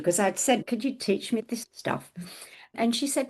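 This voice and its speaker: Speaking at a moderate pace in a lowish, vocal-fried voice, this middle-aged podcast co-host shares a personal anecdote. She's casual and animated, voicing the dialogue as she quotes it.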